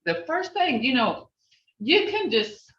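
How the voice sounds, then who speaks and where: Slow, patient language teacher on a video call. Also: high-pitched, very animated, fairly bright tone, recorded from a distance. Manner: patient, repeats phrases to model tone. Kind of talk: online class instruction. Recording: roomy, dull video-call audio.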